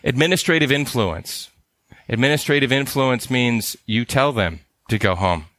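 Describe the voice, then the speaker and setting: A man's voice: mid-range voice, lively intonation, moderate pace, fairly bright tone, no room sound. A man teaching ministry helpers in an earnest, conversational way, often restarting and repeating phrases. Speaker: ministry care trainer. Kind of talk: teaching talk.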